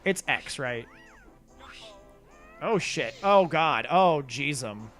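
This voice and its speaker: Slow and animated, this man's slightly high voice has a fairly bright tone as he livestreams a game. His casual commentary to viewers is rambling and self-deprecating, with the odd swear word, over faint game music.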